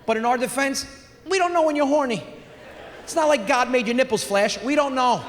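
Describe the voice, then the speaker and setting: A man in his forties doing a crude, animated stand-up comedy set on a theater stage, with shouted punchlines. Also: very high voice, brisk, slight background noise. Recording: live theater recording with long reverb.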